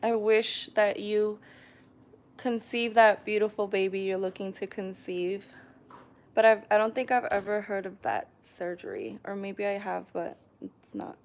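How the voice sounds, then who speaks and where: A woman casually chatting on a live stream, reading viewer comments aloud and often clearing her throat. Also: medium pitch, expressive, a little slow, a little mellow. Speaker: vlogger hosting a live stream.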